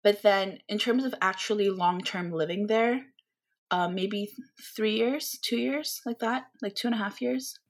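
A woman's voice: medium pitch, unhurried. A young woman with a North American accent, chatting as a podcast guest, thinking aloud with plenty of fillers and restarts. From Philippines. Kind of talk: casual interview chat.

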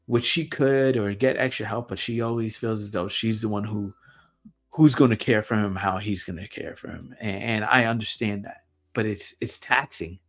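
Gravelly low-voiced man reflecting slowly. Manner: halting, repeats words, many fillers. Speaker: podcast host. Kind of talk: reflective personal monologue. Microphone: camera mic.

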